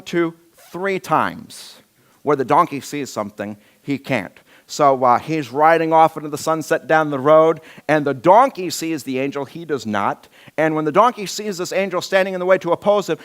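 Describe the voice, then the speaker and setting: A man's voice: a little high, fairly bright tone. A male pastor preaching a sermon, telling a Bible story with humor and acting out the scenes.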